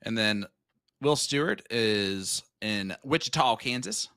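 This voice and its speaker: Brief: thirties male sports caller, bright tone, playful teasing banter, dry close mic. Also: fairly low pitch, expressive, slow pace, smooth, no room sound. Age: 30s. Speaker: darts commentator. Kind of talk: casual live commentary.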